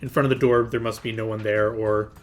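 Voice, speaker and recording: A man's voice: fairly low pitch, level tone, fairly quick. Rambling male game master describing scenes. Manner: rambling, descriptive, full of filler words. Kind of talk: narrating a tabletop game.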